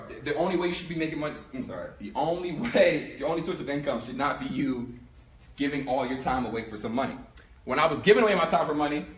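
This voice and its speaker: A young man from Philadelphia giving a storytelling talk to a live audience, animated and acting out both sides of his story. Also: on the high side, slight background noise. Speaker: speaker giving a talk on income. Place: room with an audience. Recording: echoey room.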